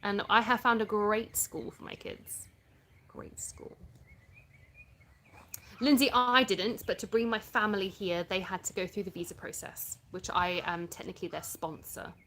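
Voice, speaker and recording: A woman's voice: mid-range voice, fairly even intonation, moderate pace, a bit bright, a little hiss or hum. A woman with an English accent, chatting casually on a live stream, answering viewer comments, laughing often and sometimes searching for words. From born in the US, raised in England.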